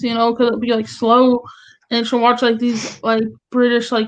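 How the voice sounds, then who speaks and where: A woman's voice: fairly high pitch, completely flat delivery, normal speed. Chatty Southern woman, lo-fi audio. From American South. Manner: chatty, lots of "like" and "you know". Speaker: movie review co-host. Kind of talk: casual chat. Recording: dull lo-fi recording.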